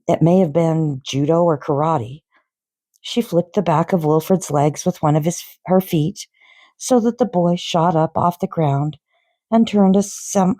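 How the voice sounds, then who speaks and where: A woman reading a novel aloud in an expressive, unhurried storybook manner. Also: lowish voice, dry recording, studio quality.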